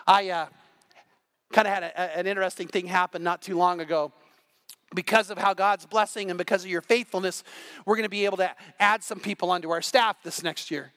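A middle-aged male pastor preaching a sermon, impassioned and building to near-shouts. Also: sits high, steady tone, a little fast, no room sound.

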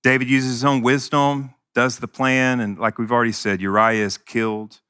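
A man's voice: medium pitch, flat delivery, moderate pace, pushed and bright, smooth, no room sound, studio quality. A male pastor preaching a sermon in an earnest, conversational way, with touches of self-deprecating humor.

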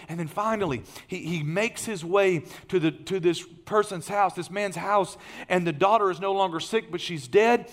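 A man preaching a sermon, telling a story in an animated way and swinging from loud, excited passages to hushed ones. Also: high voice. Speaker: pastor.

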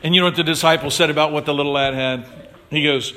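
Speaking fast, with a pushed, bright, animated voice, this man preaches conversationally to his congregation and addresses listeners by name. He acts out quoted voices in the stories with wide swings in pitch, and there's slight background noise.

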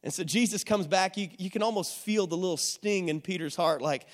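A man's voice: high-pitched, fairly quick, big-room sound. A man preaching a sermon in a conversational way, often asking the audience questions. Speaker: pastor.

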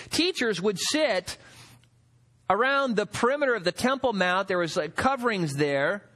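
A man's voice: high-pitched, moderate pace. A man preaching a sermon, reading verses aloud, asking rhetorical questions and acting out the people in the story. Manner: expressive preaching, acts out quotes, rhetorical questions. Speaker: pastor.

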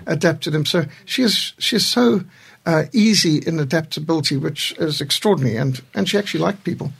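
Older guy in a studio, gravelly and a bit raspy, talking kinda high for a man, chuckling as he tells old stories. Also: fairly quick, a bit bright. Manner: storytelling, chuckles through anecdotes. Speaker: studio guest. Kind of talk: reflective studio conversation.

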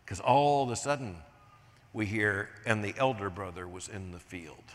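An older American man preaching a sermon as pastor, swinging from hushed asides to emphatic points. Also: fairly low pitch, normal speed. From United States. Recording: long reverb of a large hall.

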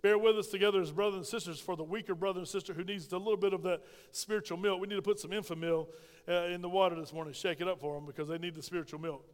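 Man, pastor, middle-aged, folksy emphatic preaching, high voice, long church reverb. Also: fairly even intonation, very fast. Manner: folksy, emphatic preaching with call-and-response amens. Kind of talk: sermon. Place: church sanctuary.

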